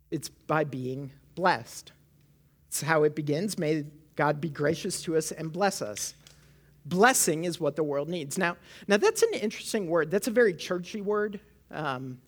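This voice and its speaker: A woman from Canada, preaching a sermon in church on a microphone, talking conversationally and often checking in with "right?". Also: low-pitched. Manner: conversational, frequent "right?" asides to the congregation. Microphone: amplified microphone.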